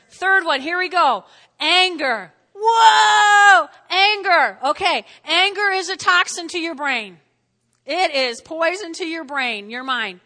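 A middle-aged woman pastor delivers a sermon in a chatty, animated way, pausing often to check in with her listeners. Her voice sits high and sounds bright and forceful. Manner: lively, conversational preaching with frequent "all right?" check-ins.

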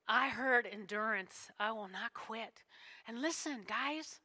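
A woman's voice: a little high, measured pace, pushed and bright. A woman pastor preaching a sermon, emotional and full of call-and-response with her congregation.

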